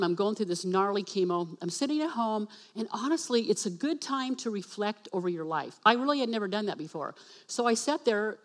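A woman giving a personal testimony in church as a speaker and worship leader. She acts out the dialogue and spells words out slowly for emphasis. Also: mid-range voice. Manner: animated storytelling that acts out dialogue.

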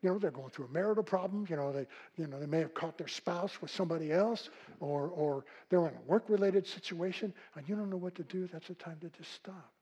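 Husky older man preaching. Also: high-pitched, fairly quick, poor audio. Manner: folksy storytelling, swings from loud to hushed. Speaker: pastor. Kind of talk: sermon.

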